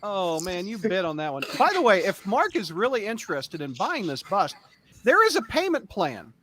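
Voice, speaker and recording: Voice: medium pitch, crowd noise. A podcast host in casual chat who laughs often and reacts to the others. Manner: laughs often, slow and lively.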